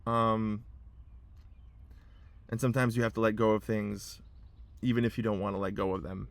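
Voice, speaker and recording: A man's voice: lowish voice, flat delivery, moderate pace, creaky. A young man talking to camera from inside his car in a rambling personal vlog, repeating himself and holding back tears. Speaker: vlogger.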